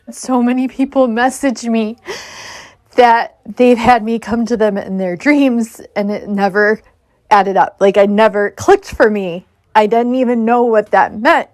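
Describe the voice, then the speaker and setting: High, slow-talking woman, tearful. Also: darkish tone, no echo. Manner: tearful, gushing, laughing often. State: crying. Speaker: spiritual content creator. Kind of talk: casual emotional chat.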